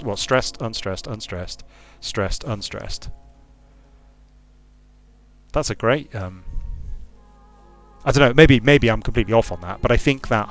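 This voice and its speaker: A man giving casual commentary while playing a strategy game, thinking aloud with frequent restarts and repeated words. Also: lowish voice. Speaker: streamer and game designer.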